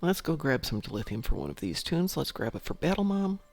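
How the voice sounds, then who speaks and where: Sleepy, gravelly male gaming host. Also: a little high, big pitch swings, fairly quick. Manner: chatty, rambling, thinking aloud. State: sleepy, just woke up. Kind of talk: casual gameplay commentary.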